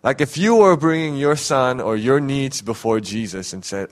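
A man's voice: mid-range voice, moderate pace. Man preaching a casual, conversational sermon. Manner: conversational, many fillers, animated when quoting. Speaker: pastor. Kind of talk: informal sermon.

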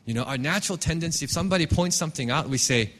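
A man's voice: fairly high pitch, racing. A man preaching a sermon as a pastor, talking candidly and telling stories with restarts. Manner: animated, candid storytelling with frequent restarts.

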